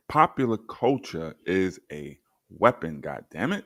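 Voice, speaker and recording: A man with a low voice hosts a livestream and reads old documents aloud to his viewers, stopping often to comment sardonically. His delivery is slow and unhurried, but his pitch swings widely. The sound is dry and close, with no room echo. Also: sing-song. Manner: sardonic, talks straight to viewers. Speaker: livestream host. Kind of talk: livestream history commentary, reading documents to chat.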